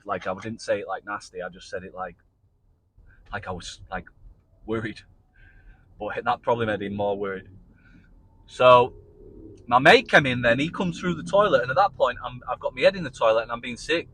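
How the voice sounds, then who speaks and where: A man's voice: mid-range voice, bright, forceful tone, rough recording. A man casually telling his own story to camera in a loose, chatty way, with frequent restarts and the odd swear word.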